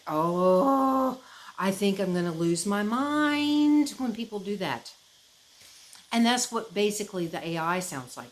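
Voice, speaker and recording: Rambling, expressive woman vlogger. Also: fairly low pitch, slight background noise, poor audio. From United States. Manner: rambling, expressive, with many fillers and restarts. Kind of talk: casual chat.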